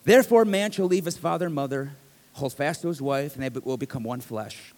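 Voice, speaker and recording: Middle-aged guy pastor, high-ish voice, chatty sermon w/ emphatic bits, big echoey church sound. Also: fairly quick, a little mellow. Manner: conversational preaching with jokes, rising to emphatic bursts. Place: church sanctuary.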